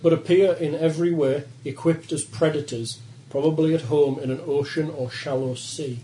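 A man runs a tabletop game, narrating in a measured, plain voice. His tone is mellow and dark. A faint room hiss sits behind him. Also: fairly high pitch, steady tone, low-quality recording. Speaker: game master.

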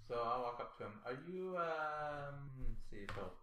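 Player, man, bright and a bit high; hesitant. Distant, echoey recording with faint noise. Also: animated, normal speed. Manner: laughs often, hesitant. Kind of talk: casual tabletop play.

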